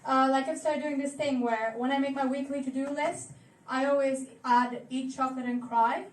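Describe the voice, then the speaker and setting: A young woman in her twenties from Argentina, with an Argentine Spanish accent, doing a stand-up comedy set with deadpan one-liners and laughing at her own jokes. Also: sits high, moderate pace, recorded from a distance, noisy background. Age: 20s. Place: comedy club stage. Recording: roomy club sound from off-mic with loud laughing audience.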